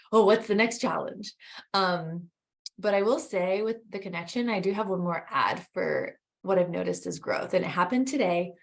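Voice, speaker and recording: A middle-aged woman co-hosting a podcast, telling a story in a chatty, animated way. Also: fairly low pitch. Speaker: podcast co-host. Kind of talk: casual chat.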